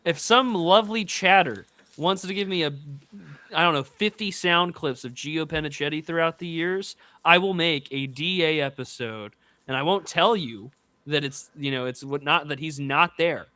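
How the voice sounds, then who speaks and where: A young man with a bright, forward voice, hosting a podcast in casual chat. The sound is close and dry, with no room behind it. He jokes sarcastically and swears often. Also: on the high side, moderate pace, no echo. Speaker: podcast host.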